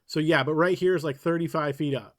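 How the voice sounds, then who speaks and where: A man narrating a tabletop game as game master, giving brisk, matter-of-fact rulings. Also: a little high, steady tone, no echo, studio quality.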